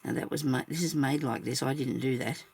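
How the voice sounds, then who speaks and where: Gravelly-voiced woman crafting and musing aloud. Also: very deep voice, brisk, darkish tone. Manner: chatty, muses to herself, laughs often. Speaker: crafting vlogger. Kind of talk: casual crafting chat, thinking aloud.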